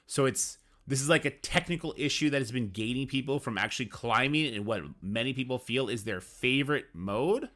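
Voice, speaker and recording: A gaming streamer rants about a mobile game in a brisk, emphatic way, frustrated and swearing now and then. His medium-pitched voice is bright and forceful, with barely any pauses.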